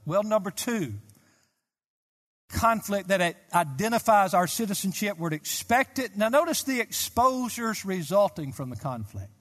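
A man's voice: high-pitched, fairly bright tone. A man in his sixties, a Baptist pastor, preaching a sermon with emphatic delivery that climbs to fervent peaks. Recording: long hall reverb.

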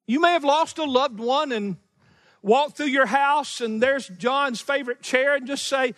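A middle-aged man preaching a sermon as pastor, emphatic and slowing down on key phrases, with chuckling asides. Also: very high-pitched, a bit bright, big-room sound. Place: church sanctuary.

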